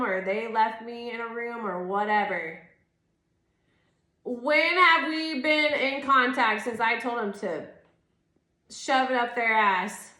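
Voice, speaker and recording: A woman's voice: a little high, animated, takes it slowly, bright, forceful tone. A woman in her thirties giving a casual tarot reading, ranting in a rambling, exasperated way, swearing often and filling her talk with "like". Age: 30s. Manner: rambling, exasperated and profane, full of "like". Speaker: tarot reader. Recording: echoey room.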